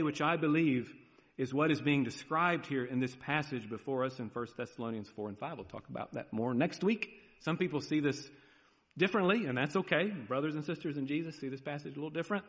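A man preaching a sermon as pastor, earnest and pleading, moving between loud urging and a soft hush. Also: a little high, in a large hall.

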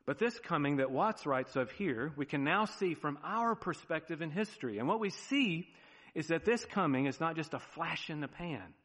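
Animated male pastor preaching in a hall. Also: fairly high pitch, normal speed. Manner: animated preaching, drops to quiet emphasis. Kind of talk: sermon.

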